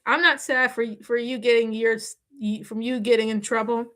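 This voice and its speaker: A woman hosting a live stream, chatting with her viewers, reading out their comments and answering them in an animated, scolding way. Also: on the high side, fairly quick, background noise.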